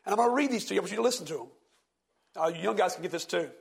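A man preaching a sermon, slowly reading scripture with heavy emphasis and asking his listeners questions. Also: high-pitched, animated, creaky. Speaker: pastor.

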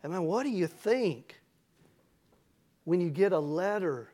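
A man's voice: sits high, animated, unhurried, dark tone. A middle-aged man preaching a folksy, storytelling sermon that builds to emphatic passages. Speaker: pastor.

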